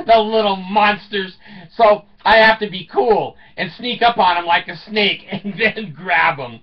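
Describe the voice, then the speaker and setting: A man's voice: high voice, unhurried. A man in his seventies telling rambling comic stories, chuckling often and swearing casually. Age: 70s. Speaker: storyteller. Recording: dull lo-fi sound, distant from the mic.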